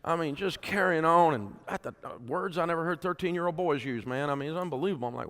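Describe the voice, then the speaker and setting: A man's voice: fairly high pitch, fast talker, few pauses, a bit bright. A middle-aged man, speaking to a conference audience in a folksy storytelling way and often asking the crowd questions. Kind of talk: speech to an audience. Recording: long hall reverb.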